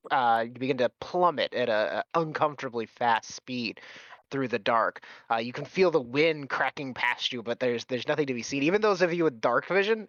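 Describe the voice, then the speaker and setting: Male game master, bright tone, halting delivery with fillers, dull lo-fi recording. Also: medium pitch, dry recording. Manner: halting, many ums and restarts. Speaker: dungeon master. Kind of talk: narrating a tabletop game. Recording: dull, lo-fi sound.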